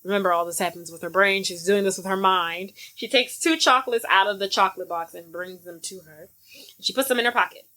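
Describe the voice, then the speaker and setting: A woman co-hosting a podcast, casually retelling a film's plot in slang-filled, animated chat. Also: mid-range voice, brisk. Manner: animated storytelling with acted-out quotes. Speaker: podcast co-host. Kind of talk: casual movie recap chat.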